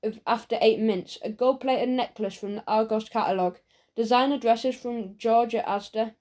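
A woman narrating a children's audiobook in a lively, expressive way. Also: a little high, moderate pace. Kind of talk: storybook narration.

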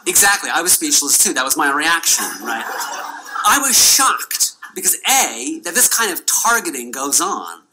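A young man tells a funny personal story with wry, self-mocking timing. His pitch jumps around with lively animation. Clear background noise runs under the recording. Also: normal speed.

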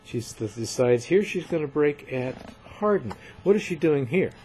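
A man giving a recorded literature lecture, measured and emphatic, often repeating points for his students. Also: a little high, lively intonation, darkish tone, slight background noise.

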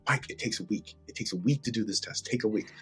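A man's voice: on the low side, fast talker, a bit bright, faint music behind, voice pushed down, close to an everyday voice. A man quoting a blunt animation director. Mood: dismissive. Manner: curt, matter-of-fact. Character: blunt male animation director, repeating there is no job.

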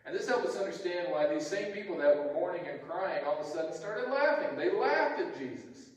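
A man's voice: sits high, lively intonation, a little fast. A man preaching a sermon as pastor, telling the story conversationally with frequent restarts. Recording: echoey hall, distant mic.

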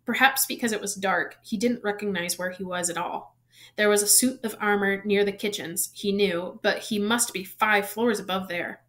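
A woman reading a novel aloud, expressive, lifting her voice for suspense and dropping softly at the ends of sentences. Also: medium pitch, normal speed. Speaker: reader.

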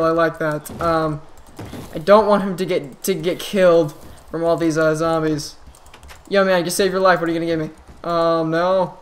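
A man talks through his game session into a desktop microphone, in loose, casual commentary. He is quick to exclaim and often restarts his sentences as things happen on screen. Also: a little high. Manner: excitable, frequent exclamations and restarts. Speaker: gaming channel host.

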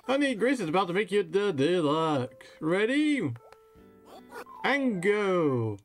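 Sassy female giraffe fashionista, game figure; a man reads her lines, lively pitch, slightly high. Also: takes it slowly, faint music behind, exaggerated voice. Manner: reading game text aloud with flair.

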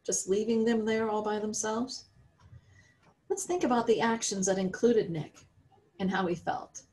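A woman's voice: medium pitch, fairly even intonation, a little slow, darkish tone, rough recording. A woman with an American accent teaching a children's religion lesson, reading a story aloud and asking the listeners questions about it.

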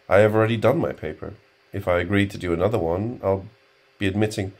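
A man voicing an indignant, pompous male graduate student who speaks in a stiffly formal way and takes offense quickly. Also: low voice.

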